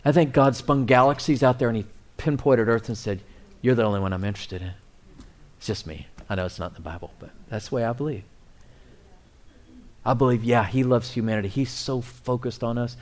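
Man, middle-aged, pastor, sermon, animated, hushed asides. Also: mid-range voice, a little fast. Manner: animated preaching, rising and dropping to near whispers.

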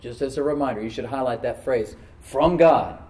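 A man preaching a sermon, swinging between loud, emphatic surges and quiet, confiding asides, and calling on the congregation to answer back. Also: mid-range voice, fairly even intonation, fast talker, roomy sound, recorded from a distance, rough recording. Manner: calls for responses from the congregation. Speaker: pastor.

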